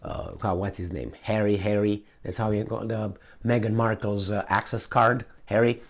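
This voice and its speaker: A man's voice: lowish voice, steady tone, normal speed. A man giving indignant, mocking opinion commentary as a vlogger.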